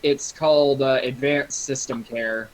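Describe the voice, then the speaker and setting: Mid-pitched man, casual and hesitant, a friend dialing in. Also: steady tone, measured pace, low-quality recording. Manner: hesitant, stumbling starts. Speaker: friend on voice chat. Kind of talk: casual chat.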